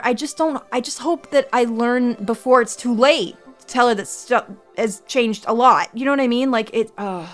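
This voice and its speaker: Anxious young woman streamer chatting. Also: fairly high pitch. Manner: anxious, rambling, repeats herself. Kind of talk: casual livestream chat.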